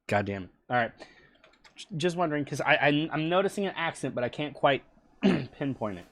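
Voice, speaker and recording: A woman's voice: low voice, lively intonation, a little fast, no echo. A woman from the United States running a tabletop game on a live stream, joking and teasing her players in casual chat. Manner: joking, teasing, self-deprecating. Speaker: game master.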